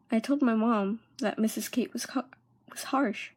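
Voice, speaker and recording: Young woman, hushed and halting. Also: a little high. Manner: halting, drops into hushed whispers. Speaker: vlogger. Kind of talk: personal storytelling.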